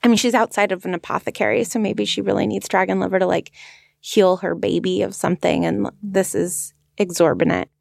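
A woman hosting a podcast with a mid-pitched voice and a dry, close sound. She reflects aloud in a relaxed way, with easy conversational fillers. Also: brisk, gravelly, no echo. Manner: thoughtful, conversational, frequent "like" fillers. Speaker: podcast host. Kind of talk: casual reflective discussion.

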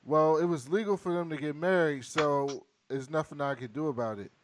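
A man's voice: on the high side, moderate pace, a little hiss or hum. A man co-hosting a podcast, giving wry, questioning commentary in casual chat. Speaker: podcast co-host.

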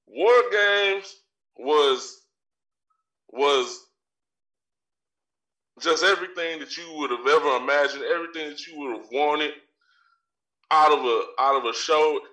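Brash male podcast ranter, bright edgy tone, a bit far from the mic in a roomy space. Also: on the high side, normal speed, long pauses. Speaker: podcast co-host with a wrestling segment. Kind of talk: profane ranting commentary. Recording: echoey room, voice off-mic.

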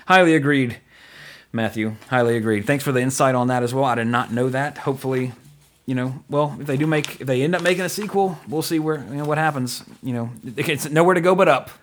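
A man's voice: mid-range voice, fast talker. Male podcast host, casual, chatty, filler-heavy delivery. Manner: rambling, filler-heavy, laughs easily.

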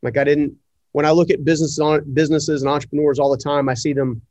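A middle-aged man, an entrepreneur, telling a personal story in an interview, animated and full of fillers as he acts out the dialogue. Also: on the high side, quick pace, no echo. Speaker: entrepreneur guest. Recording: dry, slightly muffled audio.

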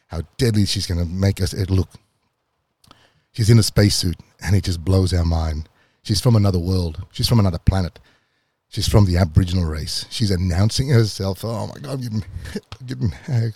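A man with an Australian accent tells his own story in a low, mellow voice. He builds from easy recounting to swelling excitement and moments near tears. The sound is dry and close, with no room around it. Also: moderate pace, dry recording. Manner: emotional, passionate retelling that builds to excitement. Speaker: podcast host telling his own story. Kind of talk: personal storytelling.

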